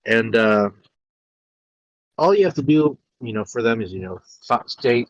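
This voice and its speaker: A man's voice: mid-range voice, animated, unhurried, no room sound, dull audio. A young man co-hosting a podcast who rambles casually about a video game, with many restarts. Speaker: podcast co-host. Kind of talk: casual chat.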